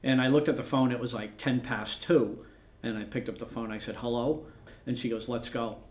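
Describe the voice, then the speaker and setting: A man's voice: mid-range voice, steady tone, moderate pace. A man, a news photographer, telling long stories in a documentary interview and acting out the lines of the people in them. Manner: rambling storyteller who acts out quoted dialogue. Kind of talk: documentary interview, recounting anecdotes. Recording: roomy echo.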